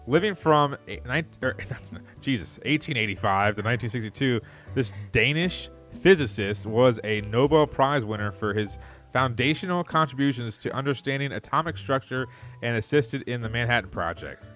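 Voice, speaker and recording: A man's voice: medium pitch, lively intonation, moderate pace, fairly bright tone, faint music behind. A man co-hosting a podcast, reading trivia questions aloud and stumbling over words with laughs in casual chat.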